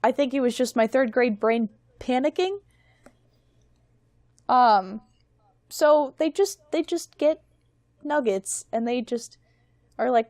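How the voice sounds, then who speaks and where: A woman's voice: high-pitched, slow pace, long pauses, a little mellow, no echo. Young woman guest, self-mocking storyteller, rambling podcast chat, dry close sound.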